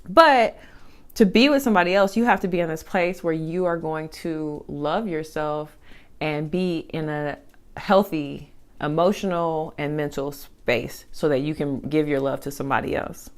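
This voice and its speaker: A young woman chatting casually as she eats on camera, animated, with side remarks and chewing sounds between thoughts. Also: sits low, normal speed. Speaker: mukbang vlogger. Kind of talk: casual chat while eating.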